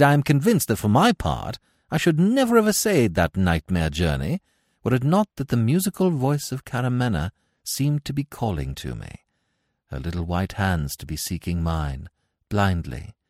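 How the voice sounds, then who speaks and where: A man giving scripted narration of a classic tale in a measured, expressive way. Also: lowish voice, dry recording, clean studio sound. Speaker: audiobook narrator.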